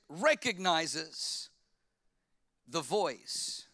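A middle-aged man, preaching a sermon, swinging from loud emphatic lines to quiet hushed asides. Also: a little high, expressive, normal speed, dry recording. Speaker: pastor.

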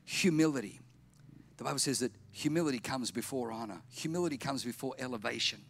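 A man preaching a sermon, emphatic and repetitive, slowing down and softening for effect. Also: medium pitch, slight background noise. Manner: emphatic, repetitive, drops to slow quiet lines for effect. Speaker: pastor.

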